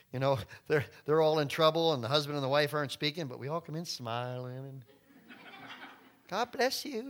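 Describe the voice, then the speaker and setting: A man's voice: a little high, fairly bright tone. A middle-aged man preaching a conversational sermon, often acting out voices and asides. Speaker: pastor.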